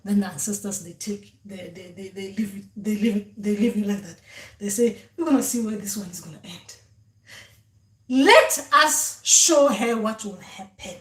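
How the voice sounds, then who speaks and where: A woman's voice: medium pitch, steady tone, fairly quick, dark tone. Repetitive woman speaker, echoey room. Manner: repetitive, voices ancestors speaking. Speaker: spiritual teacher on dreams. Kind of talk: casual spiritual talk to camera.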